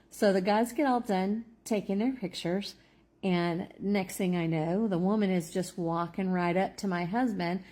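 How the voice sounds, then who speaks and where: A woman calmly telling a story in a measured way, with a few hesitations. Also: fairly low pitch. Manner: calm, measured, some hesitations. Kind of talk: casual storytelling.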